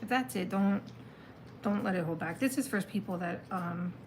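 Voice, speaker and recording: A woman reads tarot cards in a loose, chatty way, mulling things over out loud. Her voice sits in an average middle pitch. A faint hum of room ambience stays in the background. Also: moderate pace. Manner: chatty, thinks aloud, exclaims at the cards. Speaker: tarot reader. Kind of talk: casual live tarot reading.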